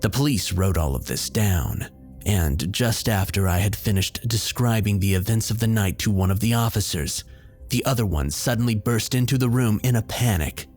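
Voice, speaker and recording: A man telling a first-person horror story in a steady, measured way. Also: fairly low pitch. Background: faint background music.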